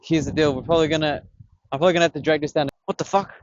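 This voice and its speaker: A young man, excitedly filming himself fishing on a beach, swearing and talking in slang. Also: fairly high pitch, very fast, lo-fi sound, a little hiss or hum. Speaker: vlogger. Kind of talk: casual fishing vlog commentary. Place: outdoors on a beach by the water. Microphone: camera on a tripod.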